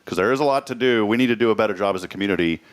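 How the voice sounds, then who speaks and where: A man with a fairly low voice hosts a casual local talk show. He rambles cheerfully through jokey anecdotes and chats easily with his guests. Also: rapid-fire. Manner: joking, rambling storyteller. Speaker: host. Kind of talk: casual chat.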